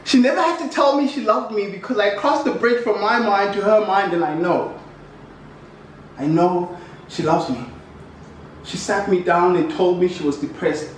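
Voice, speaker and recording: A young South African man performing spoken-word poetry in an office, with a rhythmic, impassioned recitation built on repeated refrains. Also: sits high. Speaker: poet. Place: office room. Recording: very echoey room, mic far off, faint noise.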